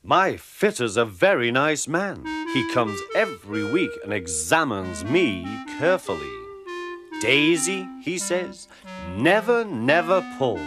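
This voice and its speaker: A man putting on Daisy, a prim vain railcar. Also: mid-range voice. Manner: haughty, complaining, prim. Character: vain fussy female diesel railcar. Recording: music playing underneath.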